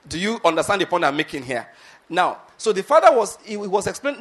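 A man's voice: sits high, big pitch swings, brisk, fairly bright tone. A man preaching a sermon, retelling a scripture story and often asking his listeners whether they follow his point.

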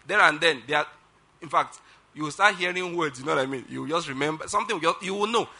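A male pastor preaching a sermon, leading loud declarations for the congregation to repeat and dropping to quiet guidance for prayer. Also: a little high, quick pace. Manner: drops to soft, quiet guidance during prayer.

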